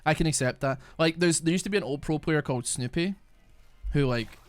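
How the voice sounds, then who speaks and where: A man's voice: a little high, a little fast. Rambling, cussing young man. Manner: rambling, swears freely, frequent restarts. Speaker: gaming streamer. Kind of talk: casual live-stream chat while gaming.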